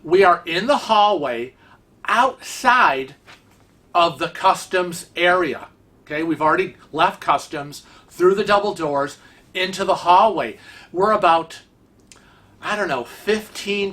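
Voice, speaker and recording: A bright, crisp voice tells a travel story to the camera in a loose, conversational way. The speaker gets indignant and animated, with restarts and repeated phrases. The pitch sits in a middle range. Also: unhurried. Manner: seated in a wheelchair while talking. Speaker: vlog host telling a travel story. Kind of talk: casual storytelling vlog.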